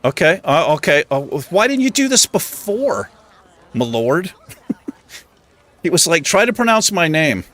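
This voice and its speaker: A man's voice: fairly high pitch, measured pace, long pauses. A man hosting a livestream in a casual chat, self-mocking and chuckling often as he fumbles over pronunciations. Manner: animated, struggling over pronunciation. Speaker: livestream host.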